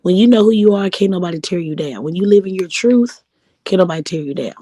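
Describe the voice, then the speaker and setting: A woman speaking as a guest on a live stream, assertive and emphatic as she makes her points. Her voice sits low and mellow, heard dry and close. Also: lively intonation, quick pace, dry recording. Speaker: guest commentator. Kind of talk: casual live-stream chat.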